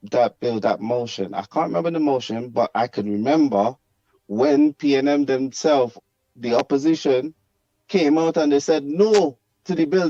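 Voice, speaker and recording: A man's voice: medium pitch, warm tone, dry recording, highs cut off. A man calling in to a talk show from London, speaking earnestly and rambling, with many repeated phrases. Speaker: caller. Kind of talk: call-in talk.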